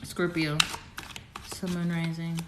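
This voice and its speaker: Excitable woman tarot reader, roomy echo. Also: takes it slowly. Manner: excitable, swings from low murmuring to squealing and swearing. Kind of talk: casual tarot reading to camera. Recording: roomy echo, faint background noise.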